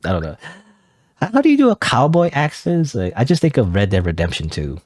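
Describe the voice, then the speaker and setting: A man's voice: on the low side, huge pitch swings, a little fast, darkish tone, soft background music. A man giving casual, rambling, self-deprecating commentary while playing a video game. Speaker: let's play gamer.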